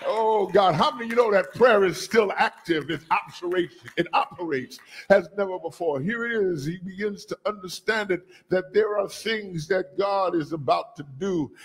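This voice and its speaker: Husky high-voiced preaching bishop. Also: male voice, normal speed, hardly any pauses. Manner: call-and-response preaching, rising to shouts. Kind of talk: sermon. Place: church sanctuary.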